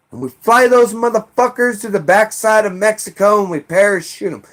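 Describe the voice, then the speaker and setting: Angry high-voiced man ranting. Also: fairly quick, hardly any pauses. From United States. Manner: heated, profane, shouting bursts. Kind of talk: angry political rant.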